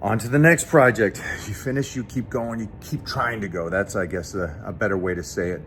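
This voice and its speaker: A man's voice: fairly low pitch, brisk, a bit bright, slight background noise. A man hosting a fitness talk show, speaking earnestly and directly to his viewers. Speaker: show host. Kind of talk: casual chat and direct sponsor pitch.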